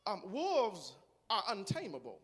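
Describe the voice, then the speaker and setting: A man preaching a sermon in a large church, moving from quiet talk to shouted, rhythmic preaching. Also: sits high, huge pitch swings, measured pace, breathy edge, big-room sound. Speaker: guest preacher.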